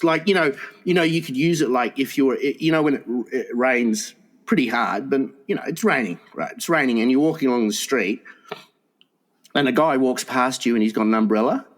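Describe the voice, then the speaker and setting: A man co-hosting a crude comedy podcast, rambling and giggling, often jumping into high mocking voices. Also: a little fast. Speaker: podcast co-host.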